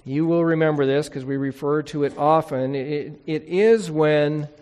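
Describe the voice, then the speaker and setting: Slow-speaking male preacher in a hall. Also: a little high, a little mellow. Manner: teaching, explains Hebrew words and reads scripture aloud. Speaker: pastor. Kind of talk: sermon.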